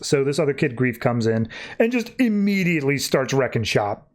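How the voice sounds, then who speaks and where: A man's voice: medium pitch, normal speed. Host, male, rambling casual comics recap. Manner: rambling, animated storyteller. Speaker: podcast host.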